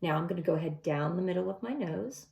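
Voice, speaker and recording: Middle-aged lady walking thru her makeup routine, bit of fry in a lowish voice, roomy echo. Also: fast, darkish tone. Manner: chatty, step-by-step instructions. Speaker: makeup tutorial host. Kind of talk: casual makeup tutorial. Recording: echoey room.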